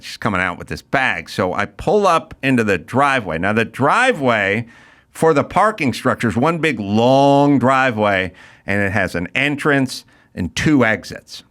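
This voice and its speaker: A male podcast host telling a rant-filled story in casual chat, acting out the people in it. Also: medium pitch. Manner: animated, ranting, acts out quotes.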